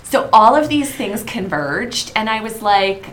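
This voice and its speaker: A woman's voice: a little high, big pitch swings, a little slow, hardly any pauses, slight background noise. A woman podcast co-host telling candid, self-mocking stories with casual swearing. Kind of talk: casual chat.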